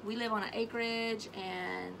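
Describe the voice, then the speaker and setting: A woman hosting a casual craft tutorial, chatting warmly to viewers and humming little scat tunes as she works. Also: medium pitch, fairly even intonation, measured pace, creaky, background noise. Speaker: craft video host. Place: home craft space on an acreage.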